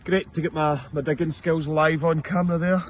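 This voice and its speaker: Scottish man, vlog host, teasing and jokey, slightly high voice, faint outdoor noise. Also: fairly even intonation. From Scotland. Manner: joking, teasing, quick to laugh. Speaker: channel host. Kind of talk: casual outdoor vlog chat. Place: outdoors in a field.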